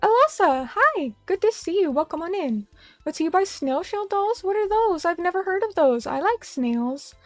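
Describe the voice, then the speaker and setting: Very high-pitched and very animated, a young woman talks at normal speed on a dry recording with soft background music. She's a vtuber streamer at a little table in a small room, casually chatting with viewers and reading their comments while rambling and making fun of herself.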